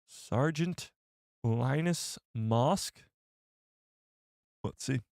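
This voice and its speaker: A male host chatting on a live stream, excitable and rambling, who often stops to correct himself. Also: mid-range voice, drawn-out words, dry recording, clean studio sound.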